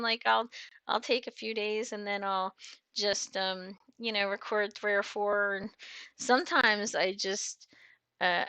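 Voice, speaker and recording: A woman's voice: mid-range voice, sharp tone, smooth, no echo. Bubbly chatty woman trucker livestreaming. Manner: chatty and bubbly, frequent laughs and fillers. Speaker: trucker hosting a live chat. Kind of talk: casual livestream chat reading comments.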